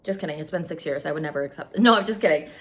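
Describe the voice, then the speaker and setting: A woman's voice: low-pitched, rapid-fire, a bit bright. A young adult woman beauty vlogger telling a story in casual chat, gushing and emotional.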